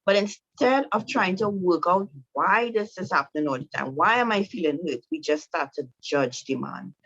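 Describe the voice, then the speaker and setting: Direct female instructor, low-pitched, talking to a group of women; muffled, dry sound. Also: expressive, normal speed, fairly bright tone, no echo. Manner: direct, repetitive, coaching with rhetorical "right?". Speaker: marriage teacher.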